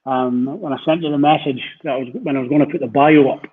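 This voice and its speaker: Scottish man hosting, husky tone, tinny phone-like sound. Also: mid-range voice, fairly even intonation, fast. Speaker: podcast host. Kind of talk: casual interview chat.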